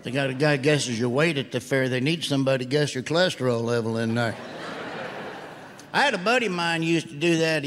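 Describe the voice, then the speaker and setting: A middle-aged man doing a stand-up routine in a folksy, deadpan storytelling drawl. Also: medium pitch. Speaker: stand-up comedian. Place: comedy stage before a live audience. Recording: live stage recording with room noise.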